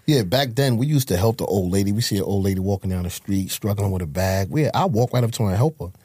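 A man, a podcast guest telling his life story in a slangy, animated way. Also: fast, husky, no echo. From Harlem, New York. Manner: slangy, animated storytelling with sudden high outbursts. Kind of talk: casual storytelling interview.

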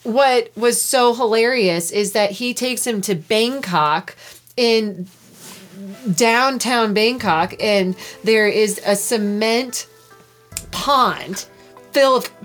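A woman co-hosting a podcast, telling an animated, giggly story in casual chat. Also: a little high, slow pace, faint music behind. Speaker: podcast co-host.

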